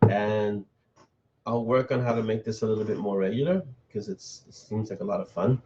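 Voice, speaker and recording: A man with a fairly low voice hosts a relaxed live stream, talking loosely and reacting to viewer comments as they come in. The sound is a bit dull and lo-fi, the way a computer microphone on a live broadcast comes across. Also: a little fast, slight background noise. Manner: loose and chatty, reading and answering viewer comments. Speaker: author hosting a live stream. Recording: dull, slightly lo-fi stream audio.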